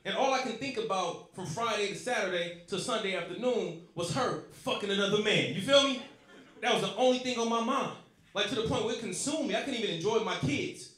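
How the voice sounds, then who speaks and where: A man's voice: high voice, fairly quick, fairly bright tone. A man from Los Angeles, telling profane, rowdy stories in a stand-up set. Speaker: stand-up comedian. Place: comedy club stage. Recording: echoey club with crowd laughter. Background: audience laughing.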